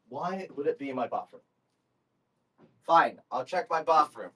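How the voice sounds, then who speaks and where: A man's voice: fairly high pitch, animated, a little slow, pauses often, fairly bright tone, slightly rough. A man streaming live, talking into a phone microphone from a step away in his room at home, rambling in exasperated, baffled bursts and swearing. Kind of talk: casual live audio chat.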